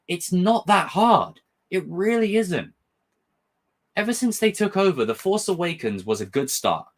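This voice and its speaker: A man's voice: sits high, measured pace. A young man reviewing a show in a casual vlog, rambling and passionate with frequent swearing. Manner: animated, rambling, passionate and profane. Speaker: film and TV reviewer.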